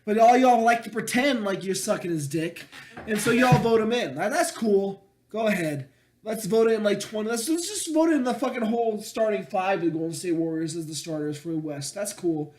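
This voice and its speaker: Young man, high voice, profane ranting, mocking sing-song, faint background noise. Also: normal speed, darkish tone. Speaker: podcast co-host. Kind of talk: casual profane sports chat.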